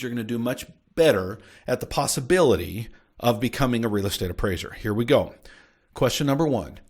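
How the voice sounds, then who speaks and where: Emphatic American man giving advice. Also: medium pitch. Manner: emphatic, punchy, keeps checking in with "okay?". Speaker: podcast host and appraisal coach. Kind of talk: casual advice podcast.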